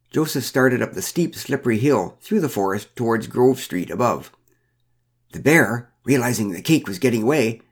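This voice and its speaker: A man's voice: mid-range voice, husky. A man reading a first-person story aloud with a wry, dryly humorous manner. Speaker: narrator.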